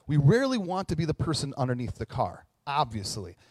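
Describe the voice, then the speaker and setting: A man's voice: mid-range voice, a little fast, breathy edge, no room sound. A man in his thirties, a pastor telling a story in a sermon, joking and talking straight to the audience. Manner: animated, jokey, talks to the audience.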